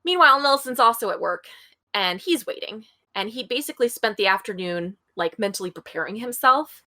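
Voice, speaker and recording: A woman's voice: on the high side, animated, fairly quick, pushed and bright, no room sound, low-quality recording. A woman co-hosting a podcast, retelling a true-crime case in a chatty way, reading passages aloud and adding her own asides. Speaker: podcast co-host. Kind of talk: casual true-crime storytelling.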